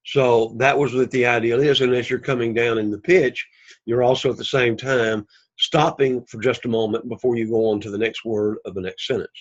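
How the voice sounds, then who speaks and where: A man teaching a Greek class, explaining slowly and patiently and repeating key words for emphasis. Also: medium pitch, fairly even intonation, lo-fi sound. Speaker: Greek instructor. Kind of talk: recorded class lecture.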